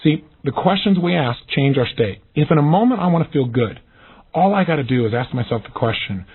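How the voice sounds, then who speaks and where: A man giving an energetic recorded self-help lesson, acting out the questions he describes in lively voices. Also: on the high side, fairly quick, breathy edge. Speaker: motivational speaker. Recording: tinny phone-like audio.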